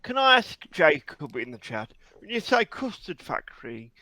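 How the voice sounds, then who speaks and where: A man chatting with friends, hesitant and wry, often restarting his sentences. His voice is high-pitched for a man and recorded dry, with no room sound. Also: sing-song, normal speed, sharp tone, no echo. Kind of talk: casual group chat.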